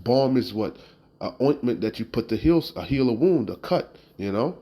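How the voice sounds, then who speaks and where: Male preacher, mid-pitched, blunt and emphatic, reads verses then riffs with "you know?" asides. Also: animated, normal speed, mellow, poor audio. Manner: blunt and emphatic, occasional profanity. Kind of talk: street-style scripture teaching.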